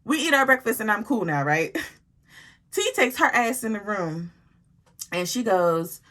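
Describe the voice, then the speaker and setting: A young adult woman telling a story in a casual vlog, animated and profane, acting out the dialogue as she goes. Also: mid-range voice, measured pace, a little hiss or hum. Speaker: storytime vlogger.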